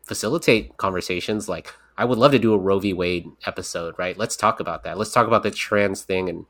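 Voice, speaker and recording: A man's voice: sits low, brisk, fairly bright tone. A man co-hosting a casual podcast, talking in a rambling, candid way with casual swearing. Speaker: podcast co-creator and host.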